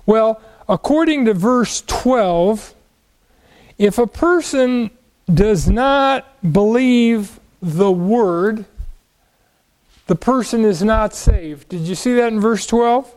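A man's voice: high-pitched, animated, slow pace, darkish tone, rough recording. A man teaching the Bible verse by verse, asking questions and answering them, leaning on key words.

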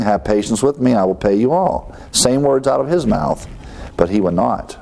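Low-voiced man preaching a Bible lesson. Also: warm tone. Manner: reads scripture aloud and comments with rising emphasis. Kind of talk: Bible teaching sermon.

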